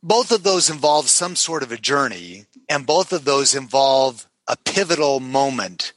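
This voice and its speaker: A man's voice: lively intonation, unhurried, fairly bright tone, dry recording, poor audio. A middle-aged man, a podcast guest, telling a personal story dramatically and with feeling, acting out the voices of the people in it. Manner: dramatic, acts out quotes with shifting pitch. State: emotional. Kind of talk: animated storytelling.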